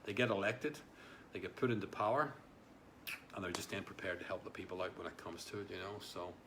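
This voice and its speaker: Rambling low-voiced man hosting a live chat. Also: brisk, background noise. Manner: rambling, repeats words, many fillers. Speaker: livestream host. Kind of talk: casual live chat reading comments.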